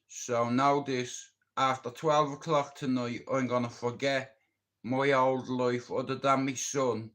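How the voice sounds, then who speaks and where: A middle-aged man from Ireland rambles bluntly in a casual live-stream chat, swearing freely and talking openly about his feelings. The livestreamer has a medium-pitched, fairly bright voice.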